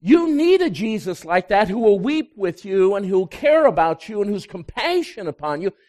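A man, a pastor, preaching a sermon that swings between loud emphasis and hushed, quiet moments. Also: high voice, sing-song, moderate pace.

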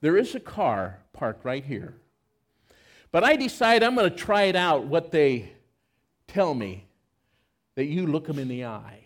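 Un pastore con voce alta e molto espressiva racconta una storia in chiesa, lentamente e con teatralità. Mima le scene mentre parla e poi passa alla preghiera. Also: male voice, a little high, sing-song, a little slow, long pauses. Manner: dramatic, acts out the scenes. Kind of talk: storytelling sermon. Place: church service.

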